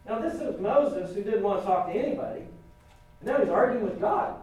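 Animated preacher in an echoey hall. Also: male voice, high voice, fairly quick, recorded from a distance. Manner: conversational, animated, acts out quotes with humor. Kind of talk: sermon. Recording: roomy echo from off-mic, faint ambience.

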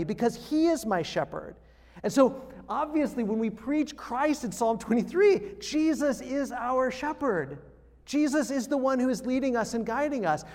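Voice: mid-range voice, darkish tone, big-room sound. A conference speaker teaching pastors about preaching, talking emphatically and building points through repeated phrases and rhetorical questions.

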